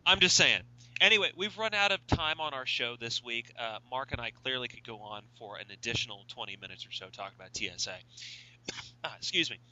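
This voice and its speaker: A man with a very bright, sharp tone hosts a radio show, teasing his co-host and signing off in a formal broadcast manner. The sound is dull and lo-fi. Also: mid-range voice, fairly quick. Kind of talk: casual radio banter.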